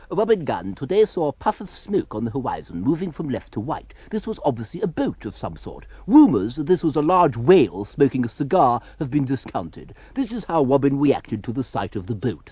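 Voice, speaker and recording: Give me a man reading deadpan spoof news with a wildly lively pitch. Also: normal speed, few pauses, breathy edge, no echo. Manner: deadpan with silly interjections. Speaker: comedy newsreader. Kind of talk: mock news bulletin. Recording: hissy old cassette tape.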